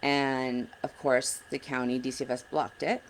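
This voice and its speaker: A woman's voice: very deep voice, little pitch movement, moderate pace, slight background noise, low-quality recording. A woman in her thirties giving earnest, blunt advice to other parents in a casual vlog, sounding frustrated. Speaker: parent advocate vlogger. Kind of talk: casual direct-to-camera advice.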